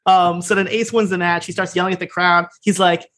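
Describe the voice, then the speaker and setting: A man's voice: high voice, little pitch movement, fairly quick, fairly bright tone. A man co-hosting a podcast, recapping an episode in casual chat, laughing often and acting out the characters' lines. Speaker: podcast co-host.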